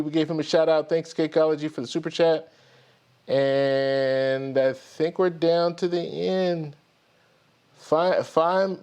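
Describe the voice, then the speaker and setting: Highish in pitch with a darkish, clean tone, the host of a live stream credit card show chats casually. He greets viewers by name in a friendly way, then tells his own story rambling and frequently starting sentences over.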